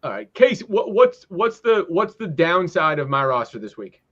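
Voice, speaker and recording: A man's voice: a little high, sing-song, moderate pace, fairly bright tone, muffled recording. A man co-hosting a casual fantasy football podcast, teasing and quizzing the others. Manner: teasing, asks others questions. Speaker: podcast co-host.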